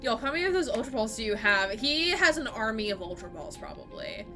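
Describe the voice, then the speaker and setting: Her voice is a little high and sing-song, brisk, with music playing behind it. Rambling through a game stream, she chats casually with her audience, laughing easily and saying "like" constantly.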